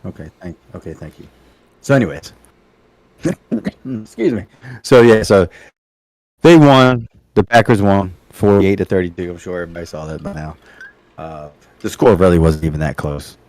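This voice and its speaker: A man's voice: low voice, normal speed, long pauses, a little mellow, no room sound. A man co-hosting a podcast in casual chat, joking and teasing and laughing often. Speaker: podcast co-host.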